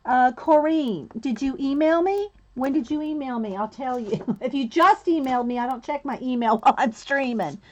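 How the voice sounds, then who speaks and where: A woman's voice: sits high, normal speed, hardly any pauses, darkish tone, dull audio. A woman hosting a crafting livestream, chatting casually and greeting viewers by name while she cuts and sorts art cards. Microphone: camera mic set low on the desk.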